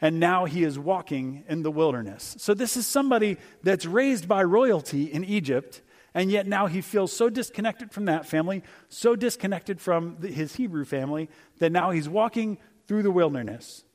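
A man's voice: sits high, expressive, moderate pace. A middle-aged man giving a conversational sermon as a guest speaker, telling stories and acting out little voices for humor.

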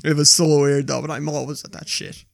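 A man, co-hosting a podcast and telling animated, swear-laden stories in casual chat. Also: on the high side, brisk, vocal fry, no room sound, clean studio sound. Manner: animated storyteller, swears a lot. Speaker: podcast co-host.

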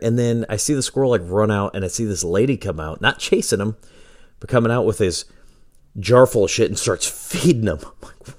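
Deep-voiced, profane podcast guy. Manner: loose, profane, laughing storyteller. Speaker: podcast host. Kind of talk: casual solo podcast storytelling. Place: home with a dog nearby.

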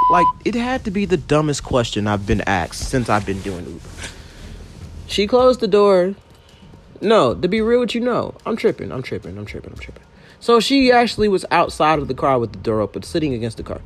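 A man's voice: mid-range voice, fairly bright tone, a little hiss or hum. A young man and rideshare driver retelling a story about a passenger in an exasperated, profane, emphatic rant.

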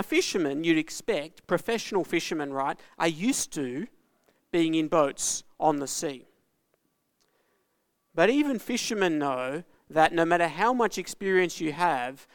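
A man's voice: fairly high pitch, no echo. Man telling a children's sermon. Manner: animated storytelling, addressing kids directly. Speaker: pastor.

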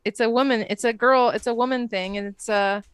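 A woman's voice: on the high side, fairly even intonation, brisk, smooth. A woman co-hosting a podcast, chatty and explaining through examples in casual talk. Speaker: podcast co-host. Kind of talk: casual chat.

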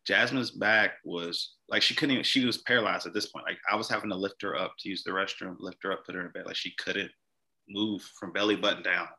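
A young man talks as a guest in an interview, telling his own story in a loose, earnest ramble full of "like." His voice sits low with a gravelly edge and a sharp, forceful tone. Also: fairly even intonation, a little fast, poor audio. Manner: rambling, heavy use of "like", earnest. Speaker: podcast guest. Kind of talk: personal story in casual conversation.

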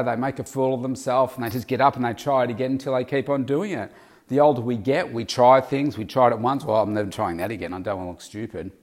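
A man delivers a motivational self-help monologue in a voice of average pitch. He now and then acts out a nagging inner critic, pitching his voice up. His talk is easy and conversational. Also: darkish tone.

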